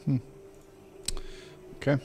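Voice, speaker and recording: A man's voice: slow, dark tone, a little hiss or hum. A man thinking aloud in casual live-stream chat while he programs, mumbling along with fillers.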